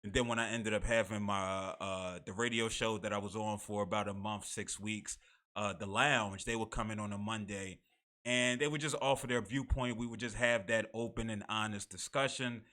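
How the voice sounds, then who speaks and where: A man's voice: on the low side, bright, forceful tone. A man from the United States, hosting a live online talk show in a casual, conversational way with frequent laughs and restarts. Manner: conversational, laughs between remarks, many restarts.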